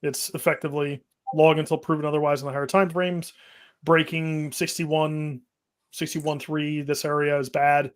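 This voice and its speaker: A man sharing trading levels in a steady, matter-of-fact way during a casual chat. His voice sits a little higher than most men's. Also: moderate pace. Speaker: trading analyst co-host. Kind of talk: casual market commentary.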